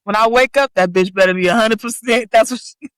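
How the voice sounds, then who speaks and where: A woman's voice: on the high side, fairly quick, a bit bright, dry recording, low-quality recording. A woman co-hosting a podcast in casual chat, making teasing interjections. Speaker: podcast co-host.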